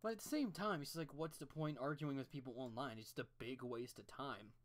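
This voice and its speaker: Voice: medium pitch, brisk. An art streamer who chats while drawing at home on a desk mic, rambling and ranting with plenty of swearing and restarts.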